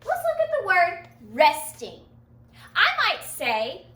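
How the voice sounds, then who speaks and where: Woman phonics teacher, high lively voice, slow and patient, bright tone, echoey room. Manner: slow, patient, sing-song teacher talk to young learners. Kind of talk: children's phonics lesson.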